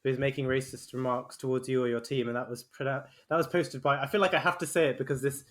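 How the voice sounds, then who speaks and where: A man's voice: mid-range voice, fairly even intonation, quick pace, fairly bright tone. A man chatting casually on a podcast, rambling and laughing, with lots of fillers. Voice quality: giggly, rambling delivery with many fillers. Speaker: podcast co-host. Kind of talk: casual chat.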